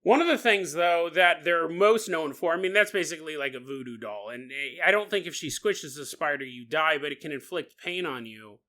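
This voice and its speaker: A man with a high, very bright voice hosts a comedic folklore podcast. He jokes constantly, laughs often and breaks into quick silly character voices mid-story. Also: expressive. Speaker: podcast host.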